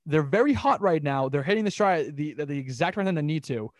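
Young male sports podcast host, brisk and lively, slightly higher voice, dry close sound, off-the-cuff. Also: no room sound. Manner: animated, rambling, quick recaps of scores. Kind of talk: casual sports talk.

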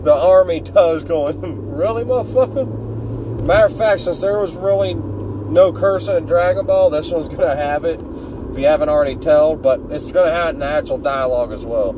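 Man, casual fan storyteller, rambling and jokey, slightly high voice, noisy car background. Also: normal speed. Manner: laid-back, joking, swears freely, loses his words.

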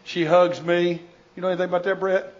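An older man answers audience questions, spinning rambling, jokey stories with plenty of restarts. His voice sits a bit high for a man. The recording is dull and lo-fi. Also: brisk. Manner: animated anecdotal storyteller, jokey, rambling with restarts. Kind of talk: informal Q&A talk with storytelling.

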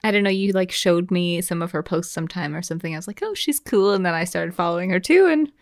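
A woman's voice: lowish voice, quick pace, no echo, clean studio sound. A woman co-hosting a podcast, chatting casually and giggling as she tells stories. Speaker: podcast co-host. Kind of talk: casual chat.

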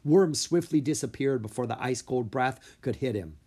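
A man narrating a children's book aloud in an expressive storytelling way. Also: medium pitch, moderate pace, husky. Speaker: audiobook reader.

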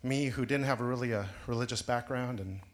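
Brief: man sharing testimony in church, mid-range voice, halting with fillers. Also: medium pitch. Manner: hesitant, searching for words, many fillers. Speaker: church member giving testimony. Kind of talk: personal testimony. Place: church sanctuary.

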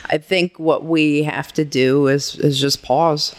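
A man in a casual talk with his partner, animated, acting out what he would say and swearing casually. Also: on the high side, slow.

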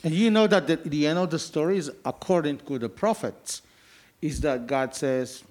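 A man in a casual discussion, explaining in a lively, expressive way. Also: a little high, normal speed.

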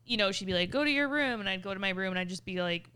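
A woman co-hosting a podcast, casually telling stories with animated retellings. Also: mid-range voice, very fast, smooth. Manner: chatty storyteller, animated retellings. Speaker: podcast co-host. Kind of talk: casual chat.

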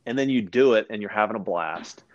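Man, low pitch, casual storytelling, acts out quotes. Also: a little fast, muffled recording. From Louisiana. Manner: animated storyteller, many restarts, acts out quoted voices.

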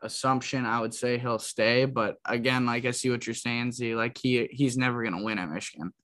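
A man's voice: medium pitch, fairly even intonation, a little fast, fairly bright tone. A man hosting a sports podcast in casual chat, talking loosely with many fillers. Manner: loose, filler-heavy, says "like" a lot. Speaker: podcast host.

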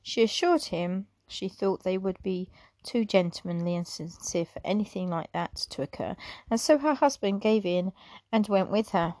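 A woman's voice: mid-range voice, moderate pace, no room sound. A woman reading an old memoir aloud, now and then stumbling over a word and correcting herself. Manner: unscripted asides with soft laughs. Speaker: reader.

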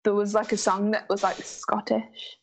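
A woman's voice: medium pitch, flat delivery, normal speed, slight background noise. A woman co-hosting a casual chat, giggling and chiming in briefly. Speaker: podcast co-host.

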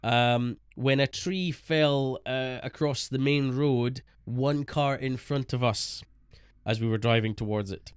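A man's voice: mid-range voice, steady tone, slow, clean tone, no echo, studio quality. A man co-hosting a casual podcast, chatting and laughing often, rambling with fillers. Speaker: podcast co-host. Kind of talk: casual chat.

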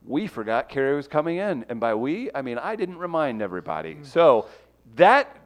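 A man's voice: a little high, moderate pace. A man hosting a radio show, laughing often and plugging sponsors in casual banter. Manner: lively, laughing, plugs sponsors. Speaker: host.

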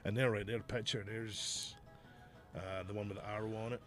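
A man's voice: fairly low pitch, steady tone, moderate pace, soft background music. A middle-aged man, a podcast host and former wrestler, telling stories in casual chat, swearing freely and laughing often. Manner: profane, laughs often, storytelling.

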